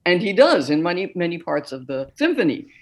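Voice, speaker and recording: Older female guest; articulate, measured speaker, slightly low voice. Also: sing-song. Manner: clear, deliberate, articulate speech. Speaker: concert narrator, guest. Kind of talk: interview conversation.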